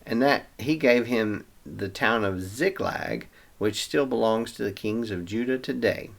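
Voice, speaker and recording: A man's voice: fairly low pitch, a little slow, creaky, hardly any pauses. Chatty man retelling Bible stories. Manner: chatty, paraphrases scripture in slang. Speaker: Bible reading show host.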